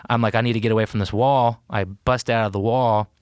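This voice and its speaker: A man's voice: fairly low pitch, steady tone, brisk, clean tone, no echo, clean studio sound. An American man, a podcast guest, telling a story in casual talk, acting out quotes and using many fillers. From United States. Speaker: podcast guest, war veteran.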